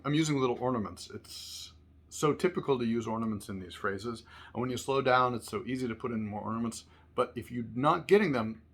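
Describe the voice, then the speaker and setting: A man teaching a music lesson, patiently explaining phrases and sometimes singing rhythm syllables. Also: medium pitch. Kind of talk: instructional lesson with sung syllables. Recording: loud violin music in background. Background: violin playing.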